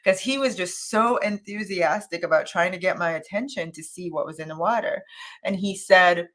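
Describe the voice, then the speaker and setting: A woman coach on a live morning show, telling a story in a casual, thinking-aloud way with fillers and restarts, and jumping into a high, animated voice when she quotes others. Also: moderate pace. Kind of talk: live motivational talk.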